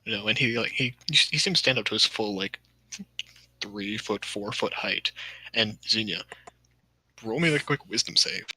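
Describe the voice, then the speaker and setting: A man's voice: lowish voice, moderate pace, pushed and bright, slight background noise, poor audio. A man narrating a tabletop game as game master, casual and hesitant.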